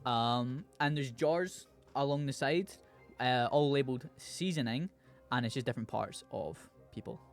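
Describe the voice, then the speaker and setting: A man narrating as game master, laid-back and pausing on fillers. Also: mid-range voice, faint music behind.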